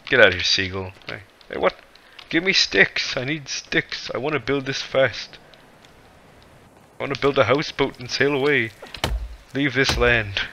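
A man's voice: mid-range voice, moderate pace, sharp tone. A man playing a survival game, commentating to himself and getting easily frightened. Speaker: gaming channel creator. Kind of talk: let's play commentary.

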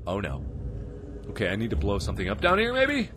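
A gaming video host with a lowish, slightly bright voice commentates a horror game let's play, his pitch swooping wildly as he talks a little fast. Game music plays with a little hiss or hum. Jumpy and giggly, he screams at the scares and mutters and whispers to himself in between.

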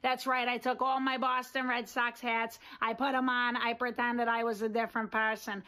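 A woman's voice: fairly high pitch, little pitch movement, normal speed, sharp tone. A woman comedian delivering a playful, mock-boastful comic monologue.

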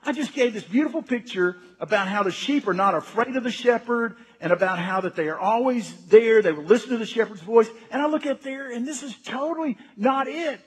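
A man voicing a flustered woman tour guide who shouts and talks in a raised, excited way. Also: very high-pitched, brisk, few pauses, breathy edge, big-room sound, pitched above the performer's own voice.

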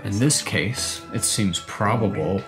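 A man co-hosting a comedic whisky review, talking in a mock-formal, deadpan pseudo-expert way. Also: lowish voice, measured pace, music in the background. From Canada. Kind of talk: mock-pompous banter.

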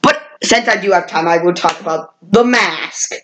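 A woman's voice: lowish voice, normal speed, fairly bright tone, a little hiss or hum, low-quality recording. Rambling casual woman vlogger. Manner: rambling, with frequent self-corrections. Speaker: vlogger reviewing old cartoons. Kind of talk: casual unscripted review.

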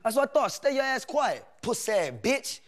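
A man's voice: very high-pitched, very animated, moderate pace, background noise. A young man, a reality show housemate, aggressively taunting another housemate in street slang. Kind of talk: heated confrontation.

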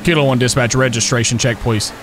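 A man's voice: mid-range voice, fast talker, crowd noise. A man roleplaying a police officer on a stream, joking with fellow players. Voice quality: lively, joking, talks to chat.

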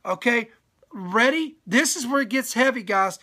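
A man's voice: extremely high pitch, lively intonation, moderate pace, pushed and bright. A man preaching a sermon on a live stream, reading a scripture passage aloud and breaking off often to urge his listeners to stay and pay attention.

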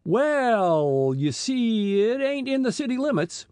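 A fussy, self-important small-town police chief in an old storybook, all bluster and nerves, as a man voices him. His voice sits raised and swings about, with a slightly husky grain in a dry, close recording. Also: high voice, sing-song, normal speed, darkish tone, no room sound, pitched above the performer's own voice. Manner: blustering, nervous, folksy grammar.

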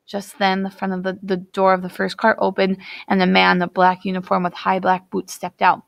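Audiobook narrator, woman, steady reading, mid pitch, gravelly texture. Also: fairly quick, dry recording. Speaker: audiobook reader. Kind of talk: storybook narration.

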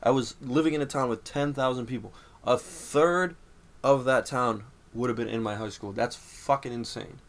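A man's voice: mid-range voice, normal speed. A man with a Boston accent guests on a casual podcast, ranting brashly and swearing freely. His voice sits in an ordinary middle range for a man. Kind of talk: casual chat.

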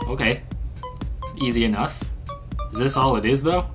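A man doing let's play game commentary, reading instructions aloud with sarcastic asides and breaking into panicky yelps and rapid exclamations. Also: mid-range voice, a bit bright. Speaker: gaming channel host. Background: game music.

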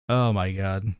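A man's voice: lowish voice, darkish tone, clear, resonant tone, no echo, studio quality. A man chatting casually with his live viewers, joking and laughing often. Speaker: livestreamer.

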